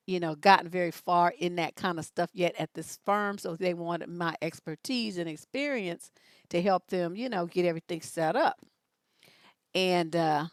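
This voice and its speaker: Middle-aged woman, advice host, sassy storyteller, animated pitch, dry sound. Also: dry recording. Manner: lively, sassy storyteller, big pitch jumps when quoting herself. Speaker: relationship coach and advice host. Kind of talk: casual storytelling on a livestream.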